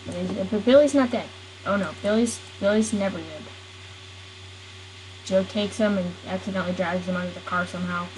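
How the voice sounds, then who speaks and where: A woman's voice: mid-range voice, moderate pace, a little hiss or hum, rough recording. A woman improvising a silly story, rambling and giggling, and often stopping to correct herself.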